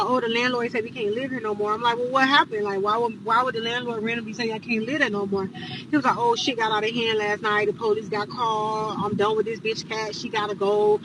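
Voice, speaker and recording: A woman's voice: a little high, noisy background. A woman telling a casual storytime, blunt and profane, acting out the dialogue.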